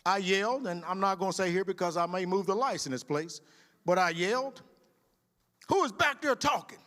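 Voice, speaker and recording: A middle-aged man, a sheriff telling stories from his career as testimony in a church, acting out shouted lines. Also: high-pitched, brisk, in a large hall. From Mississippi. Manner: storytelling, dramatic shouted quotes. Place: church sanctuary.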